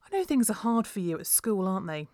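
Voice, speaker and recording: A woman's voice: mid-range voice, big pitch swings, fast, mellow, no echo, studio quality, lightly acted. A woman reading a story aloud, voicing a concerned male schoolteacher.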